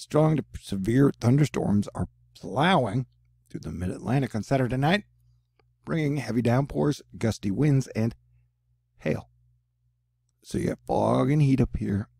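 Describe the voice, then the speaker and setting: A man's voice: medium pitch, vocal fry, warm tone, husky, no room sound, studio quality. A man hosting his own news channel, rambling through reports with self-deprecating jokes. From United States. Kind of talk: casual news commentary.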